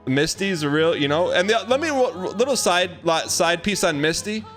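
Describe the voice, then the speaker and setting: A man in his thirties, a streamer telling a rambling, animated story in casual chat with comic exaggeration. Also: high-pitched, normal speed, faint music behind.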